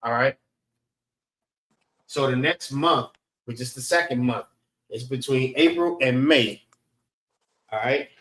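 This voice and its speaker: Speaking slowly with long pauses, this man has a mid-range voice with a fairly bright tone. He's teaching a class over an online call in a casual lecture, repeating "all right" to check in with his listeners. The audio is rough and sounds roomy.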